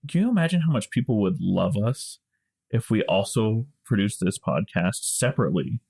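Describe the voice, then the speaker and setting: A man's voice: fairly low pitch, sing-song, moderate pace, gravelly, a little mellow, breathy edge. A man co-hosting a podcast, explaining things at length in casual chat with small restarts. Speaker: podcast co-host.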